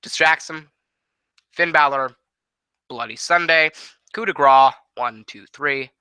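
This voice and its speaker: Bright-voiced man booking wrestling. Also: fairly high pitch, clear, resonant tone, dry recording, low-quality recording. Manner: casual, quick, profane play-by-play. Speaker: host. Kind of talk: fantasy booking play-by-play.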